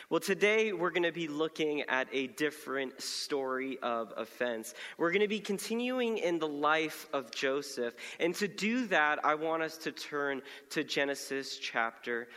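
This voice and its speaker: Young guy pastor preaching, bright forceful voice, funny storytelling, big echoey church. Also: fairly high pitch. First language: Spanish. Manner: humorous, animated storytelling. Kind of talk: sermon with personal story. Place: church sanctuary.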